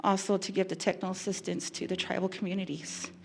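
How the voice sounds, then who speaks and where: A woman who works as a victim specialist giving an earnest, emotional talk, pausing and restarting as she goes. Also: fairly low pitch, flat delivery, creaky, slightly rough. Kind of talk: public talk.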